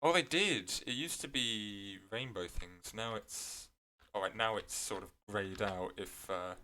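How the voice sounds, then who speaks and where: A man's voice: lowish voice, a little slow, sharp tone. A man giving casual gameplay commentary, rambling with many fillers and self-corrections, his voice cracking now and then. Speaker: gameplay video creator.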